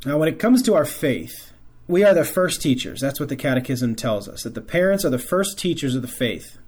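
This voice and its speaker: A man's voice: mid-range voice, expressive, brisk, darkish tone, slightly rough. A man hosting a Catholic show, talking earnestly to fathers in a preaching style and repeating phrases for emphasis. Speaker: host of a Catholic faith show.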